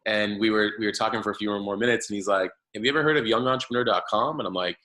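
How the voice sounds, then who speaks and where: A man's voice: on the low side, rapid-fire, pushed and bright, poor audio. A man in his thirties, a podcast guest, telling his story in a loose, rambling way with many fillers and restarts. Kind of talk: casual storytelling interview.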